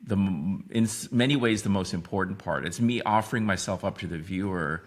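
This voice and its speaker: A man's voice: low-pitched, fairly quick. A man in his fifties, a podcast guest, talking reflectively in a rambling way with many restarts. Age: 50s. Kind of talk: casual interview talk.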